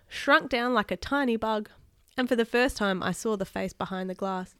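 A woman reads a children's chapter book aloud in a lively, animated way, throwing in sound effects as she goes. Her voice sits in a middle pitch. The recording is close and dry. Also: normal speed, clear, resonant tone, dry recording. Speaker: teacher reading aloud.

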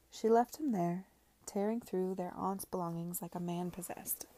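A woman reading a novel aloud in a hushed, measured narration. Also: lowish voice, fairly even intonation, no echo. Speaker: reader.

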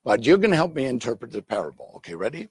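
A male pastor preaching a sermon, telling stories in an animated way and acting out the scenes, with a husky voice. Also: medium pitch, fast, no room sound. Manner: animated storytelling, acts out scenes.

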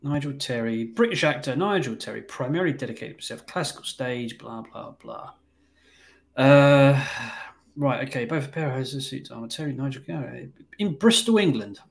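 Man of mid pitch, blunt casual film podcast host who swears a lot. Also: expressive, normal speed, gravelly. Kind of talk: casual chat.

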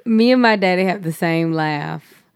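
A woman's voice: fairly low pitch, unhurried, clear, resonant tone. A young woman co-hosting a podcast, chatting playfully with plenty of laughter. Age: young adult. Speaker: podcast co-host. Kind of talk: casual chat.

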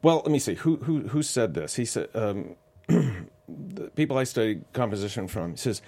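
A man's voice: mid-range voice, big pitch swings, a little mellow. A man, a film composer, guest in an interview, telling anecdotes with many fillers and restarts. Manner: anecdotal, halting with fillers, quotes people in voices.

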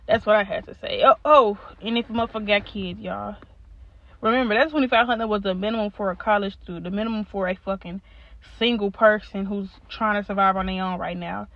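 A woman's voice: medium pitch, steady tone, a little fast, no echo, muffled recording. A young woman hosting a solo podcast, venting in a blunt, profane, exasperated way, laughing now and then. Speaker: podcast host.

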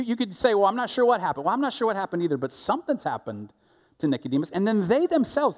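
A middle-aged man preaching a sermon as pastor, talking conversationally with lively asides and quick restarts. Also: high voice. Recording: loud music under the voice.

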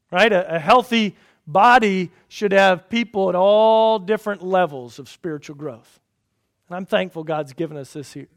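A middle-aged man preaching a sermon as pastor, telling folksy stories and swinging between loud emphasis and quiet asides. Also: high voice.

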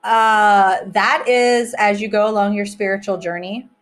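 A woman hosting a casual solo podcast. She chats freely and rambles, and she often breaks off to joke about herself. Her voice sits in an ordinary middle pitch. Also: steady tone, unhurried, soft background music. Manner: chatty, rambling, self-mocking. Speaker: podcast host.

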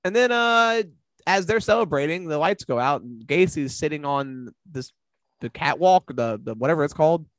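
Animated man rambling in casual chat. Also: fairly high pitch, moderate pace, dry recording. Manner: animated, swearing, rambling with fillers. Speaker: podcast host.

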